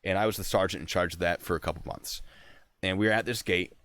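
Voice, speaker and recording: A young man, a sergeant hosting a casual chat, telling stories in an animated way. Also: low-pitched, fast, dry recording. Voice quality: animated, shouts in retold scenes. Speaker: host, army sergeant.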